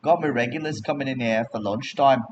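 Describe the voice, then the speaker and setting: A man voicing a busy, gruff male tavern keeper who has no time to chat. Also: mid-range voice, fairly quick, muffled recording, a little hiss or hum, natural voice. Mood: harried.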